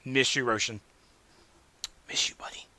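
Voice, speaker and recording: A man hosting a casual solo gaming podcast, rambling and animated, swinging between loud remarks and muttered asides. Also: mid-range voice, unhurried, in a whisper. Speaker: podcast host.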